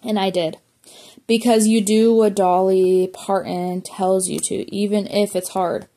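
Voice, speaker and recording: Lady reading a memoir out loud, mellow warm voice, little slips and restarts here and there. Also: medium pitch, little pitch movement, measured pace. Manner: plain reading with small slips and self-corrections. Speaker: audiobook reader.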